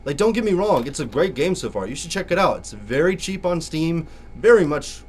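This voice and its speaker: A man's voice: fairly high pitch, big pitch swings, fairly quick. A young man with a sore throat giving jokey, theatrical let's play commentary as a gaming YouTuber.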